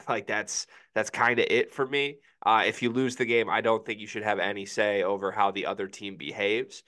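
A young man with a fairly low, steady, sharp-toned voice speaks at normal speed. Co-hosting a casual sports podcast, he sounds thoughtful and hedges a lot, often saying "I don't know."

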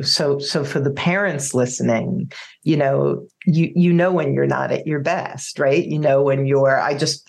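A woman's voice: a bass voice, gravelly, darkish tone. A woman in her fifties hosting a parenting podcast, reflective and searching for words with many fillers. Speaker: podcast host and parenting coach. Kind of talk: podcast interview conversation.

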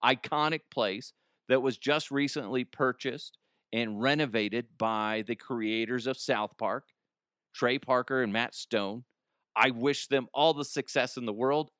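A man's voice: mid-range voice, fairly bright tone, clean tone, no room sound, studio quality. A man hosting a podcast, ranting in a crude, rambling comedic monologue and often laughing. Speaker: podcast host.

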